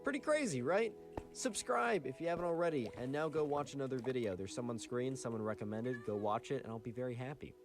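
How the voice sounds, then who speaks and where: A man's voice: medium pitch, lively intonation, fast, over music. A man casually narrating a story, talking in a chatty way full of "like" and "right".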